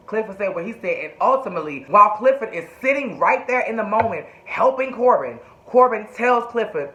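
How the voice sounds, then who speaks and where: Sassy, bright-voiced man recapping a show. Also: high-pitched, expressive, fairly quick, few pauses. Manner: sassy, profane, chatty. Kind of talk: casual TV recap. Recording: echoey room, dull lo-fi sound.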